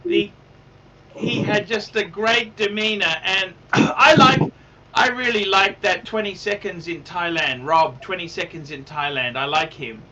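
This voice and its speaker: A man's voice: high-pitched, a little slow, bright, forceful tone, far from the mic, highs cut off, slight background noise. A man hosting a livestream in casual chat, rambling, repeating himself and swearing. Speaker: livestream host.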